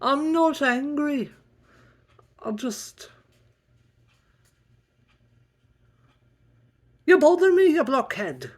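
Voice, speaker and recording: A man voicing a cranky, bickering young woman who scolds and insults in a shrill voice. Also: sing-song, slow pace, full character voice. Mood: indignant.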